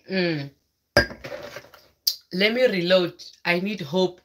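A woman's voice: fairly low pitch, drawn-out words, long pauses. A woman vlogger telling a story to her live viewers in a dramatic, exclaiming way. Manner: dramatic, exclaiming, mixes in local words. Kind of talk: casual storytelling chat with viewers.

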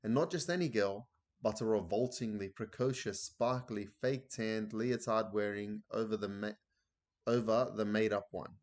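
A man reads a children's chapter book aloud in a relaxed, unpolished way, stumbling now and then and backing up to restart a phrase. His voice sits on the lower side. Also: moderate pace. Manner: casual reading with slips and restarts. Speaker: reader.

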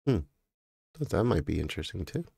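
An American man hosting a live stream, chatting casually and in a halting, rambling way as he greets viewers by name. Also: deep voice, big pitch swings, creaky, warm tone, slightly rough, no echo, clean studio sound.

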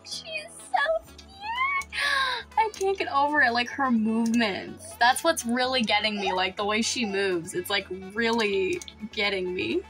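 A woman with a fairly high voice hosts a let's-play commentary. She gushes, gasps and squeals often, and slips into playful laughter. Soft music sits faintly underneath. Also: moderate pace, hardly any pauses. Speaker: gaming channel host.

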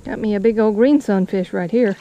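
A woman's voice: medium pitch, fairly quick, dull audio, slight background noise. Chatty woman fishing outdoors. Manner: chatty, talks to the fish and viewers with folksy phrases. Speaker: fishing vlogger. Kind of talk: casual narration while fishing. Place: outdoors on a kayak on the water.

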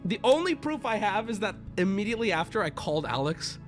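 A man's voice: sits high, big pitch swings, fast, over music. A man streaming live, telling stories in casual chat, teasing his viewers and swearing freely as he talks.

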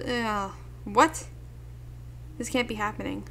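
Young woman, game commentary, slow-talking, higher voice, excitable. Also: slight background noise. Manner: excitable, yelps and shouts at the game. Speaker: gaming video host. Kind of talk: let's play commentary.

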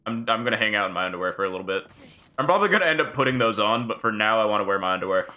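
A man's voice: lowish voice, animated, racing, sharp tone. A man streaming a video game live and chatting casually, joking and swearing freely as he plays. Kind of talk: casual live gameplay commentary.

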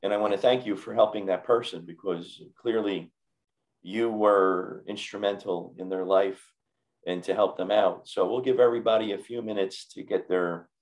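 Low-voiced male podcast host, choked up. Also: steady tone, moderate pace, low-quality recording. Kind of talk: interview podcast.

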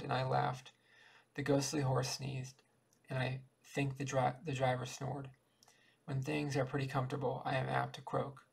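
A man reads a short story aloud for an amateur audiobook. His voice is rough and gravelly with a husky edge, and he keeps it strikingly flat, with almost no rise or fall. He stumbles and restarts words mid-way as he goes. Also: medium pitch, poor audio. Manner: halting, with restarts mid-word. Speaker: audiobook reader.

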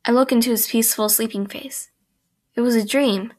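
A young woman reading a fan fiction aloud in first person, halting and restarting mid-sentence, and breaking off for chatty asides. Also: on the high side, fairly even intonation, a little mellow. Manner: breaks off for chatty, giggly comments.

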